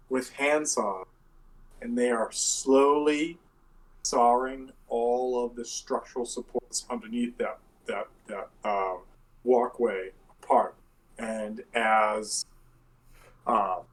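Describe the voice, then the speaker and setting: A man's voice: mid-range voice, rough recording. A man narrating a tabletop game as game master, rambling and searching for words.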